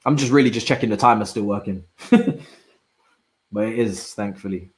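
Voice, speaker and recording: A young man reacting live to a football match, swinging from low muttering to loud shouts and using plenty of slang. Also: normal speed, reverberant, slight background noise, poor audio. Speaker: football watch-along streamer. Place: indoor room at home.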